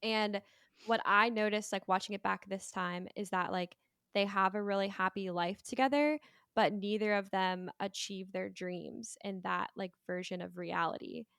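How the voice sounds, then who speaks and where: A woman's voice: mid-range voice, fairly even intonation, moderate pace, gravelly, a bit bright, clean tone, no echo, clean studio sound. A woman chatting casually about a film on a podcast, leaning heavily on "like" as she talks. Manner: chatty, heavy use of "like". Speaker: podcast panelist. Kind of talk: casual movie discussion.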